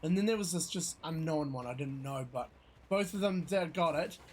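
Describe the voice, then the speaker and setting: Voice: mid-range voice, moderate pace, a little hiss or hum. A streamer chatting casually while gaming, swearing often and laughing a lot, with the hiccups. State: has the hiccups. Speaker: streamer playing an online game.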